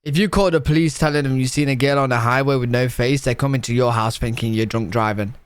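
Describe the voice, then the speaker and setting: A man's voice: mid-range voice, fairly even intonation, fast, clear, resonant tone, no room sound. A British man, a streamer, giving casual live reaction commentary, joking and swearing as he talks to his chat. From United Kingdom.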